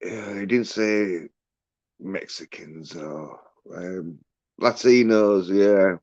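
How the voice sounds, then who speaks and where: A man's voice: low-pitched, extremely slow, a little mellow, no echo, dull audio. A man hosting a livestream, ranting in a rambling, profane way with many fillers and restarts. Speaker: livestream host.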